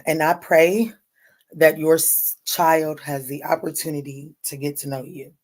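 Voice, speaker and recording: A woman's voice: sits low, steady tone, a little slow, a little mellow. A woman hosting a late-night tarot livestream, chatting casually and bluntly with viewers, greeting them by name and swearing freely.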